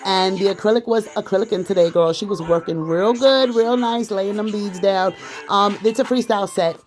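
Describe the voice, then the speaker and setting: A man chatting casually to viewers while walking through a nail tutorial. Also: high voice. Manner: chatty, addresses viewers as "girl". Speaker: nail artist.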